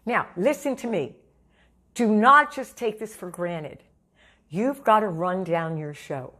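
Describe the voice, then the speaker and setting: A seasoned woman vocal coach talks straight to her students. She is emphatic and repeats her key points, and she calls the listener honey. Her voice sits at a middle pitch for a woman. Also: lively intonation, slow pace, bright, forceful tone. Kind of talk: direct-to-camera vocal coaching talk.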